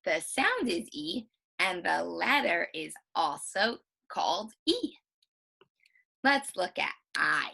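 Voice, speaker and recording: A woman teacher giving a recorded phonics lesson for children, sounding out vowels slowly and repeating each one with emphasis. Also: fairly low pitch, sing-song, vocal fry, pushed and bright, breathy edge.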